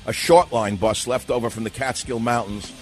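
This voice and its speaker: A man's voice: medium pitch, steady tone, normal speed, over loud music. An older man hosting a talk radio show, delivering a sarcastic, mocking monologue and acting out a mock questioning.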